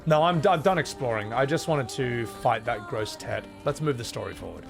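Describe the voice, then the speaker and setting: An Australian man talks his viewers through a video game in loose, rambling commentary, swearing as he goes. His voice is gravelly and swings widely in pitch. Game music murmurs faintly behind him. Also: expressive, a little fast. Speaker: streamer. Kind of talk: casual gaming commentary.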